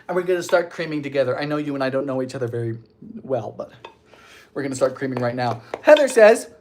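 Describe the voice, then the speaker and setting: A young man from Bermuda with a mild Bermudian accent, chatting theatrically and jokily while baking on a live stream. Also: high-pitched. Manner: animated, theatrical, jokey. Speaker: baking show host.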